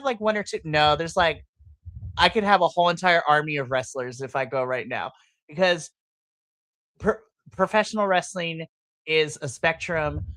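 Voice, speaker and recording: A woman's voice: deep voice, fairly bright tone, no echo. A woman hosting a live podcast in a casual chat. She rants with passion, breaking into playful, exaggerated asides. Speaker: podcast host. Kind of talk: casual livestream reaction chat.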